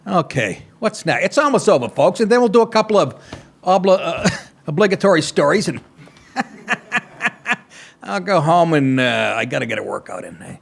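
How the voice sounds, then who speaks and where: A man's voice: fairly high pitch, lively intonation, normal speed, vocal fry, pauses often, husky. A man hosting a talk show, ranting sarcastically and crudely over political clips.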